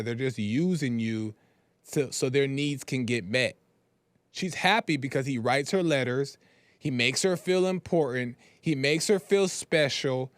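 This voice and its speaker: A man's voice: fairly high pitch, no echo. A man hosting a podcast, giving his opinion in an earnest, lecturing way and often repeating himself. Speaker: podcast host. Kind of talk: opinion commentary.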